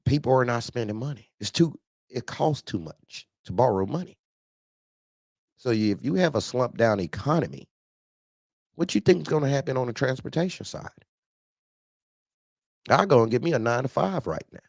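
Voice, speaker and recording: A man's voice: medium pitch, expressive, normal speed, vocal fry, long pauses, a little mellow, dry recording, studio quality. A man hosting a casual call-in talk show for truckers, speaking emphatically and folksily, repeating phrases for effect. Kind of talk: casual live-stream talk.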